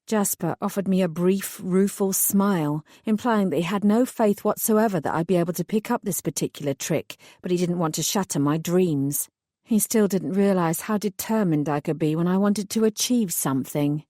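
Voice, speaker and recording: Brief: woman audiobook narrator, low mellow voice, measured and even. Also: dry recording, studio quality. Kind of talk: scripted first-person narration.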